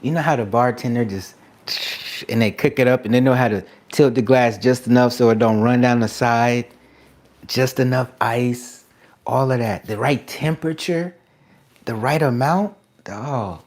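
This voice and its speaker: A man streaming live as an artist, giving excited shout-outs to viewers in casual slang, then turning soft and reflective. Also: medium pitch, a little slow, long pauses. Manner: drops to a soft, quiet reflective tone. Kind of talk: casual livestream chat.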